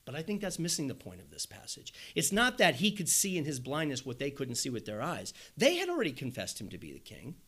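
A man preaching a sermon, animated, asking rhetorical questions and acting out the voices of the people he quotes. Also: medium pitch, fairly quick, hardly any pauses, slightly rough. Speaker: pastor.

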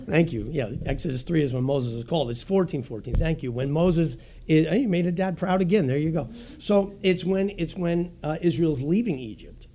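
A man preaching a sermon as pastor, with a raspy voice, animated and swinging between soft and loud, joking about his own slips. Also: slight background noise. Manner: animated preaching with wide swings in pitch and loudness; jokes at his own slips, laughs easily.

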